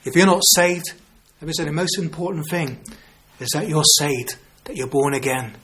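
Guy in his 50s preaching, earnest, keeps asking don't we, voice a bit on the high side. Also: moderate pace, a bit bright. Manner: earnest, leans on rhetorical tag questions. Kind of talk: evangelistic sermon.

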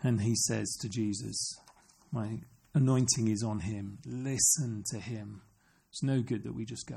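Man, sermon, earnest preacher, rough husky voice, questions to the congregation. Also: lowish voice, steady tone, unhurried, dark tone.

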